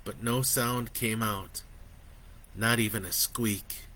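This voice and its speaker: A man narrating his own horror story in a slow, expressive way that builds in intensity. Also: fairly low pitch.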